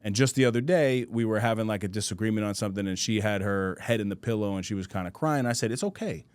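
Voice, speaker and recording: Brief: relaxed male host, loose slangy storyteller, dry studio sound. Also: on the low side, quick pace, clean tone, no echo. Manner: loose slangy talk, says bro a lot, laughs easily. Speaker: podcast host. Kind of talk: casual storytelling chat.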